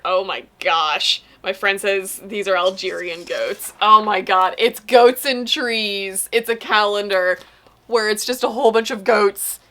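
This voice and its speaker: A young woman vlogging casually through a pile of book packages, her voice sitting at an ordinary middle pitch. She talks in an excitable, gushing way. A faint hiss of background noise sits under the recording. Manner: gushing, excitable, exclaims often. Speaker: booktube vlogger. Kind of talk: casual unboxing chat.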